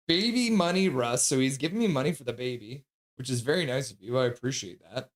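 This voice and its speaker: A man's voice: on the high side, animated, brisk, fairly bright tone. Sassy, chatty man on a livestream. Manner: chatty, reads out donations; sassy, joking. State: sleep-deprived. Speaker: livestream host. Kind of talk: casual livestream chat.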